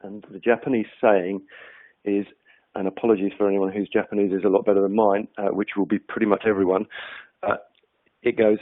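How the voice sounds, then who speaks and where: A man's voice: lowish voice, level tone, a little fast. A man presenting a webinar on communication in a conversational manner, with many fillers and restarts. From United Kingdom. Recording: tinny phone-like webinar audio.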